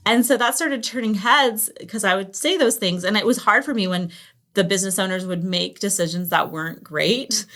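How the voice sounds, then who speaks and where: A woman in her thirties from the United States, a podcast guest telling lively stories and acting out what people said. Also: medium pitch, moderate pace. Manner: animated storyteller, acts out quoted dialogue. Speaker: podcast guest, business founder. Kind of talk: casual interview chat.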